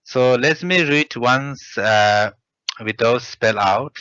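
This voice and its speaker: A man teaching pronunciation, reading syllables aloud and pausing often with hesitant fillers. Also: mid-range voice, fairly bright tone, dry recording. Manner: hesitant, many pauses and fillers. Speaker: language teacher. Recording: dull, dry lo-fi recording.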